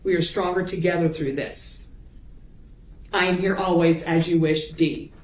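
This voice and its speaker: A woman prosecutor examining a witness in court, reading emails aloud in a measured, plain way. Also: lowish voice, steady tone, a little mellow, a little hiss or hum. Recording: roomy courtroom audio.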